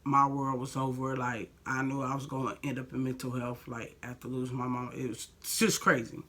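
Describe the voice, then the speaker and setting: A woman's voice: very deep voice, completely flat delivery, moderate pace, pushed and bright. A young woman vlogger telling a personal story in a blunt, heated way, full of "like" and swearing. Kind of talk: storytime vlog.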